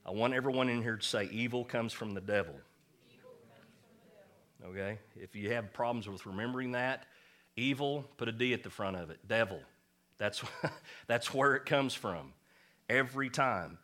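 A man's voice: mid-range voice, normal speed, pauses often, pushed and bright. A man preaching a sermon as pastor, emphatic and folksy, mixing jokes with insistent points.

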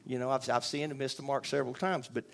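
A man's voice: mid-range voice, fairly even intonation, fast, creaky. A man giving a rambling, earnest spoken testimony to a church audience, full of restarts and asides.

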